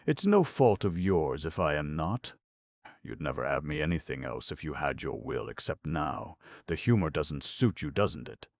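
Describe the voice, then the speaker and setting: A man's voice: a bass voice, very animated, normal speed, no room sound, full character voice. A man voicing a bitter, sullen young woman who has been drinking, in an audiobook. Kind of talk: audiobook character voice.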